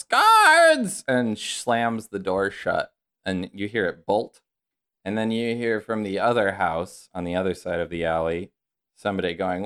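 As game master for a tabletop role-playing game, a man narrates in a measured, descriptive style with some filler words. His voice is deep and clean.

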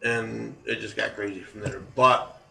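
A man's voice: fairly low pitch, fairly even intonation, a little slow, vocal fry, pushed and bright. A man in his forties hosting a talk show, telling stories in a loose, rambling way with chuckles. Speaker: podcast host. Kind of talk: casual storytelling chat. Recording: echoey room, far from mic.

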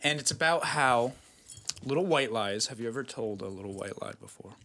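A man's voice: mid-range voice, lively intonation, a little fast, bright, forceful tone. A man casually retelling a story to friends, full of swearing and filler words. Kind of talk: casual group chat.

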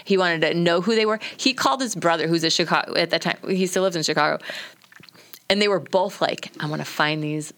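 A woman's voice: on the low side, a little fast, fairly bright tone. Woman telling a raw personal story. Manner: candid storytelling, tearful and frank. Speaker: podcast guest. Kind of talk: casual podcast chat.

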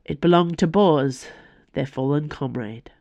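A woman, the author, reading her own fantasy novel aloud for a podcast in a measured storytelling voice. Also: sits low, creaky, a little mellow, dry recording, highs cut off. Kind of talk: audiobook fantasy narration.

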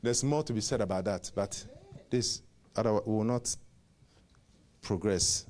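A male preacher delivering a sermon, with call-and-response lines, stammered repeats and sudden loud rises. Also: lowish voice, measured pace.

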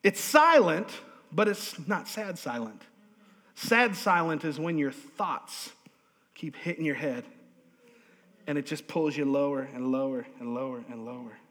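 A male pastor preaching a lively, humorous sermon in a church, drawing responses from the congregation. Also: on the high side, measured pace. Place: church sanctuary. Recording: long hall reverb.

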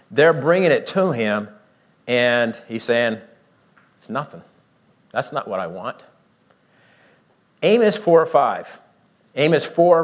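A man preaching a verse-by-verse Bible teaching. He explains by asking questions and answering them himself, rising for emphasis and dropping low to explain. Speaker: pastor.

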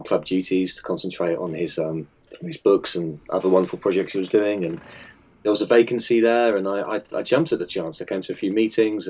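Man, deep low voice, hesitant and rambling, many fillers, muffled lo-fi audio. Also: darkish tone. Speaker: magazine editor and designer. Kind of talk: casual interview answers.

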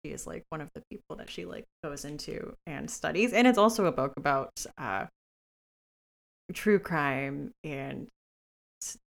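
Low, gravelly-voiced woman podcast host. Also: a little slow. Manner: enthusiastic book recommender, relaxed and chatty. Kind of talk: casual podcast chat. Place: home work space. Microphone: professional studio microphone.

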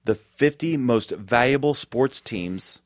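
A man posing riddles and quiz questions to his partner in easygoing talk. The sound is close and dry, with a middle-pitched voice. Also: lively intonation, takes it slowly, no room sound. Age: adult parent. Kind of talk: casual chat.

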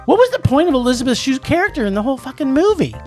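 A young adult co-host in a casual movie review chat, talking in an animated, ranting way with quick restarts. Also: high voice, soft background music. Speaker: podcast co-host.

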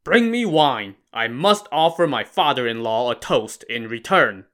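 A man voicing a drunk, boastful male bandit chieftain with a loud, cocky, jovial manner. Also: mid-range voice, animated, measured pace.

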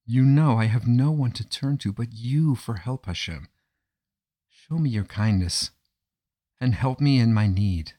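A man's voice: medium pitch, a little slow, dark tone, lightly acted. A man voicing a poor, humble husband who speaks in an earnest, pleading way in a storybook telling. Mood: pleading prayer. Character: poor devout husband, middle-aged, desperate and humble.

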